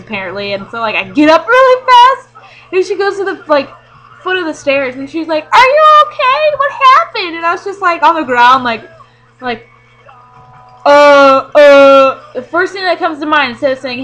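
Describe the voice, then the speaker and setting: A woman's voice: on the high side, pushed and bright, a little hiss or hum, low-quality recording. A young woman vlogger telling a rambling, sweary, self-mocking story in casual chat.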